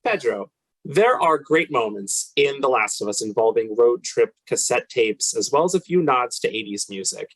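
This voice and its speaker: A man's voice: medium pitch, animated, moderate pace, a bit bright, no room sound, low-quality recording. A man hosting a TV entertainment show, chatty and loose with fillers as he interviews actors and narrates. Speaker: host.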